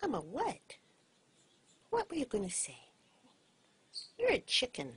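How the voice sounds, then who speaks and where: A woman's voice: on the high side, wildly swooping pitch, a little slow, slight background noise. Woman cooing baby talk to her pet. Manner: coaxing, sing-song, drops to soft whispers at times. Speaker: pet owner talking to her bird.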